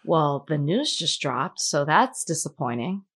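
A woman's voice: sits low, big pitch swings, unhurried, fairly bright tone, slightly rough. Chatty woman co-hosting a podcast. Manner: chatty, many "like" fillers. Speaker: podcast co-host and entertainment interviewer. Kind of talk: casual chat.

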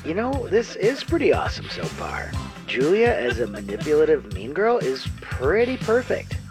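A man narrates a comedy segment with a wry, playful tone. His pitch leaps and dips constantly as he delivers jokey asides. Music plays clearly in the background. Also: huge pitch swings, moderate pace. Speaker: podcast host. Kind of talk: comic narration.

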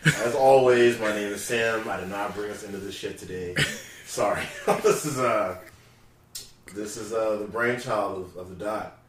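A man's voice: fairly low pitch, moderate pace, reverberant, poor audio. A man co-hosting a casual podcast, joking around with embarrassed, laughing banter. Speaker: podcast co-host.

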